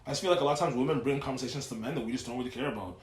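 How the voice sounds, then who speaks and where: A young man talks quickly and loosely, cursing often and filling gaps with "like". His voice sits at a middle pitch. The room around him is echoey. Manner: profane, rambling, lots of "like". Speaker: podcast co-host. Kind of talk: casual podcast chat.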